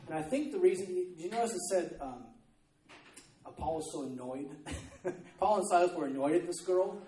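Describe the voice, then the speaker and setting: A man's voice: sits high, animated, normal speed, dark tone, echoey room, recorded from a distance, a little hiss or hum, low-quality recording. A man preaching a sermon in a loose, conversational way, often stopping to check in with his listeners. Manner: conversational, repeats "okay?" to check in. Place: church.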